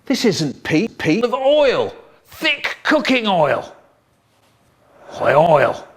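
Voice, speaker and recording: Male storyteller, playful, slow and very expressive. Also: high voice, breathy edge. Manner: animated, playful, full of sound effects and funny voices. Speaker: children's poet and storyteller. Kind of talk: expressive children's story reading.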